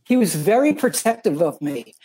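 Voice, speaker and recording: Man, panel guest, dark breathy voice, enthusiastic, stop-start delivery. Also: high-pitched, very animated. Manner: eager, halting, repeats words often. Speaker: actor on a convention panel. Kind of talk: casual panel talk.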